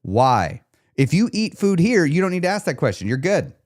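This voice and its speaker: A man's voice: high voice, big pitch swings, brisk, a little mellow. A man coaching viewers on a live stream, speaking emphatically, repeating key questions and checking in with his audience. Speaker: weight loss coach.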